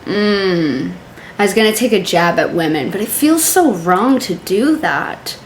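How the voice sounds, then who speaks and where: A woman hosting a casual reaction video, chatty and profane, with quick sarcastic asides. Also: medium pitch, expressive, reverberant, slight background noise.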